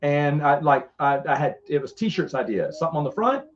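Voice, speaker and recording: A middle-aged man with a fairly high voice tells rambling stories with lively energy, often restarting his sentences. The sound is dull and lo-fi, like a modest podcast setup. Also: brisk. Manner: rambling, animated, frequent restarts. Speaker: podcast co-host. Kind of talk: casual storytelling chat.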